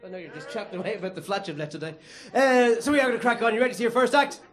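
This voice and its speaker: A male compere warming up the audience and bringing on the next act with a push for applause. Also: high-pitched, very fast. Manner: hyping the crowd, building applause. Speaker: compere introducing acts. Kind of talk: live compering. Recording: loud crowd and noise in club.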